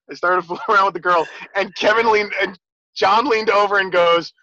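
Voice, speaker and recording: A man's voice: high-pitched, fairly even intonation, moderate pace, sharp tone, no room sound, highs cut off. A man in casual chat, telling rambling stories and laughing as he goes. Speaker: podcast guest.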